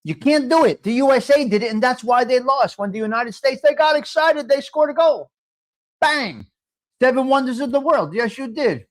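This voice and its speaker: A man's voice: very high voice, lively intonation, normal speed. A middle-aged man, hosting a live coffee chat stream and talking bluntly to viewers, joking and swearing freely.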